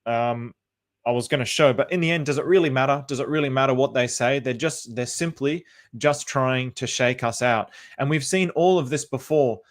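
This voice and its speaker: A man's voice: mid-range voice, moderate pace. An Australian man hosting a casual livestream, chatty and upbeat, greeting viewers by name and repeating phrases as he talks. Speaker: livestream host.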